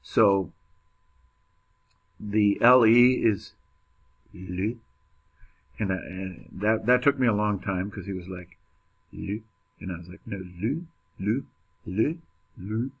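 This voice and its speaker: A man from the United States gives a chemistry classroom lecture in a casual, joking style, full of fillers and restarts. His lowish voice moves at a slow pace with frequent pauses.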